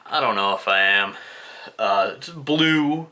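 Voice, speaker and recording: Slow, bright-voiced man rambling playfully. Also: on the low side, expressive. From United States. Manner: rambling, self-mocking, with playful put-on voices. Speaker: vlogger showing his CD collection. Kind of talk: casual video commentary.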